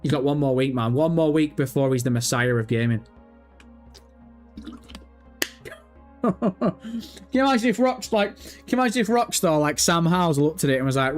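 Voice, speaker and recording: Male streamer, crude and playful, slightly raised pitch, faint music bed. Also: animated, normal speed, long pauses. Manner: profane, jokey banter, mock-insulting viewers. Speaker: livestream host. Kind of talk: casual live chat reading comments.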